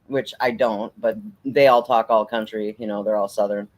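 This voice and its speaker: A Minnesota man living in the US South speaks with a Minnesotan accent in a fairly low, steady voice at a moderate pace. In casual chat, he tells stories, swears freely and laughs often.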